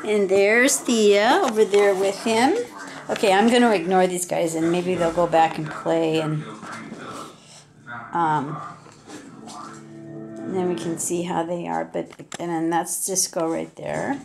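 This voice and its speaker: An older woman films her puppies in a room at home, chatting to them in playful sing-song baby talk for a casual home video. Her voice is lowish and steady, slow with vocal fry and long pauses, and music plays in the background.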